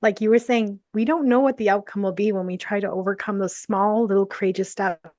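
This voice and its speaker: Lively, laughing woman coach. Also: mid-range voice, dry recording. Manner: animated storyteller, laughs often; brisk, uses "like" and "you know" a lot. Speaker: guest, business and storytelling coach. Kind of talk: casual interview.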